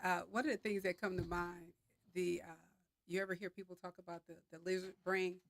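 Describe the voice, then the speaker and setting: A woman hosting a casual group discussion, telling stories in an animated way with fillers and laughter. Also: on the low side, a little fast, dry recording. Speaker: discussion host.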